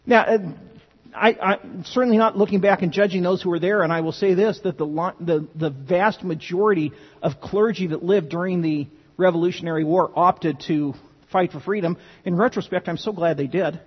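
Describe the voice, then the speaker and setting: A man's voice: high-pitched, breathy edge. A man preaching a sermon, earnest and emphatic, often restarting his phrases. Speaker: pastor. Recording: dull, lo-fi sound with long hall reverb.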